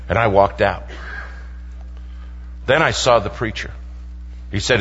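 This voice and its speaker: A man telling an animated story to a congregation and acting out the voices. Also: fairly low pitch, a little slow, long pauses, slight background noise. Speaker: speaker to a congregation. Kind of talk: storytelling sermon. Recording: dull sound with long hall reverb.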